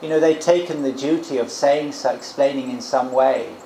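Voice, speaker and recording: A man teaching as a Buddhist monk, giving an informal dharma talk and guided meditation in a gentle, musing way with frequent restarts. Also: mid-range voice, normal speed, gravelly, slight background noise. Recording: echoey room with loud crickets. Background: crickets and insects.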